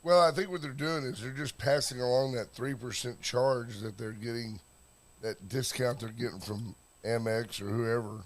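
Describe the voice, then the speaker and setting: A Texan man with a summer cold co-hosts a casual morning talk show from a studio. He tosses in wry, joking asides and reads the weather. His pitch is middle for a man. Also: steady tone, normal speed.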